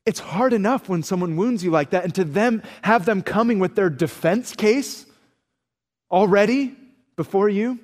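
A man preaching a sermon with earnest, animated storytelling. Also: sits high, moderate pace, long reverb tail. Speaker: pastor.

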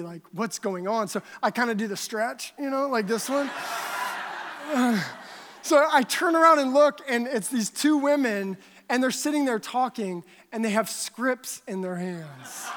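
A woman giving conversational Bible teaching, telling stories in an animated, chatty way. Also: fairly high pitch, moderate pace. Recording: long hall reverb.

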